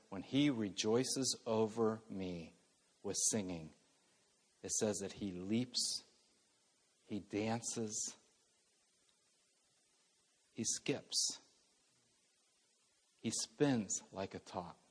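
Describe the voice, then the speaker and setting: A middle-aged male pastor preaching a sermon earnestly, moving between loud emphasis and soft, hushed passages. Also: lowish voice, very slow, pauses often, in a large hall.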